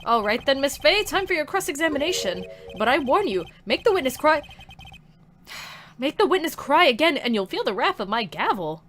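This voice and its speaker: A woman's voice: sits high, sing-song, normal speed, fairly bright tone, voice pushed up. A woman voicing a stern, fussy older male judge, reading game dialogue aloud in a formal, scolding way. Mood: warning. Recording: game music behind.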